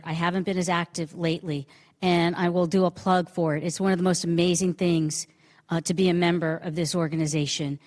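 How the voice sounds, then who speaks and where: A woman's voice: on the low side, steady tone, moderate pace. A middle-aged woman from New Jersey giving an unprepared acceptance speech at a council meeting, grateful and hesitant, with many fillers. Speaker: county commissioner accepting an award. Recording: reverberant meeting room.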